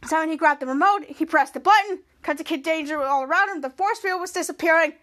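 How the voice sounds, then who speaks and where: Podcast host, female, very high and bright voice, rambling casual recapper who acts out character lines with excitement. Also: fast talker. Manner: rambling, repeats "cut to" and "somehow".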